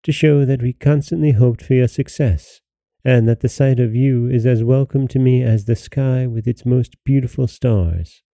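A man's voice: medium pitch, fairly even intonation, normal speed, gravelly, dark tone, dry recording, close to an everyday voice. A man voicing the king's dutiful second daughter, a young princess speaking courteously.

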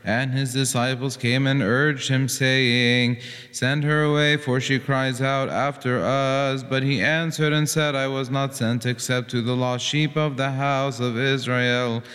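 Man, gospel reader, reverent even reading, long church echo. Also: mid-range voice, a little slow, faint music behind. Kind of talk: scripture reading.

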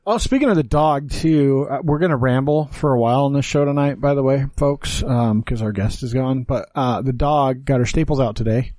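A man's voice: mid-range voice, normal speed, hardly any pauses, darkish tone, no room sound. A man co-hosting a casual podcast, blunt and rambling, swearing now and then. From Utah. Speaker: podcast co-host. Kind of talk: casual chat.

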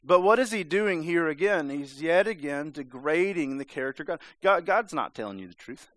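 A man's voice: on the high side, expressive, normal speed, fairly bright tone, no room sound. A man preaching a sermon in a conversational, emphatic way, sometimes acting out voices. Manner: conversational, emphatic, acts out the serpent's lines.

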